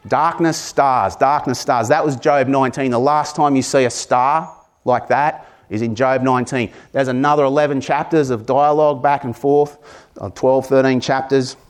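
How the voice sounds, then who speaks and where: A man's voice: medium pitch, fairly even intonation, moderate pace. A man with an Australian accent preaching a sermon in an earnest manner that builds to emphatic passages.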